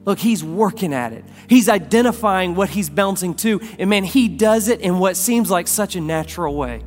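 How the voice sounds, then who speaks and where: A man's voice: high voice, animated, moderate pace, faint music behind. Dynamic male preacher in a reverberant hall. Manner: dynamic preacher, rising loud then dropping soft. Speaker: pastor. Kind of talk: sermon. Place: church sanctuary.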